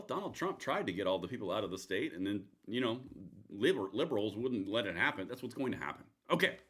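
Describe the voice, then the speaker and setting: A man's voice: deep voice, lively intonation, very fast, fairly bright tone. A man hosting a live political commentary stream, talking in a rambling, sarcastic way with many restarts. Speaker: livestream host.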